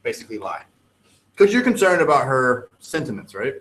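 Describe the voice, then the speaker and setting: Man, teacher, classroom lecture, animated, joking, echoey room. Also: mid-range voice, a little fast. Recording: echoey classroom with faint ambience.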